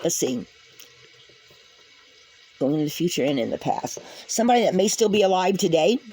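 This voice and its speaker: A woman's voice: on the low side, animated, moderate pace, mellow, a little hiss or hum, poor audio. Chatty woman giving a tarot reading. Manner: chatty, laughs often, addresses viewers as guys. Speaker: tarot card reader. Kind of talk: casual spiritual reading to camera.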